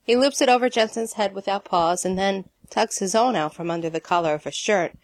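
A woman narrating a piece of fiction in a steady storytelling manner. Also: mid-range voice, fairly quick, no room sound. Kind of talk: audiobook reading of fiction.

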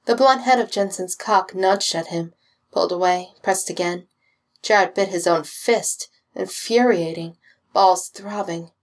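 A woman reading fan fiction aloud with steady, expressive storytelling. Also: medium pitch, unhurried. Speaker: reader.

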